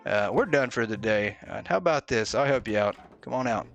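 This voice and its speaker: A man casually commentating as he plays a game, joking bluntly and filling pauses with "uh". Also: on the low side, lively intonation, gravelly, fairly bright tone, dull audio, faint music behind. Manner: joking, mock-blunt, with many "uh"s. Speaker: gaming video host. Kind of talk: casual let's-play commentary.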